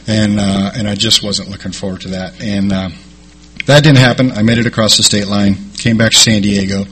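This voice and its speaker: Husky middle-aged man telling his story. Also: lowish voice, fairly even intonation, fairly bright tone. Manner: rambling, halting delivery with repeated "and, uh". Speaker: speaker sharing a recovery story. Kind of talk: personal storytelling talk.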